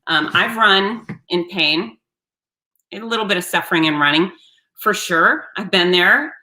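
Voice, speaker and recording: A woman hosting her own show, telling a story in a blunt, salty, animated way. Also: lowish voice, unhurried. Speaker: host. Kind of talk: casual storytelling monologue.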